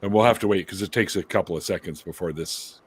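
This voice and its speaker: A man's voice: low-pitched, fast talker, a little hiss or hum. A man from Canada hosting a casual livestream chat, reading the chat aloud and laughing with friends. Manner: laughing, lively banter, reads chat aloud. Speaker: livestream host.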